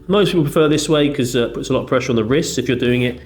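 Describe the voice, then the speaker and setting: A man's voice: mid-range voice, very fast, slight background noise. A man, a chiropractor, explaining and demonstrating back exercises in a treatment room. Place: treatment room with a firm bed. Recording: echoey room, faint music.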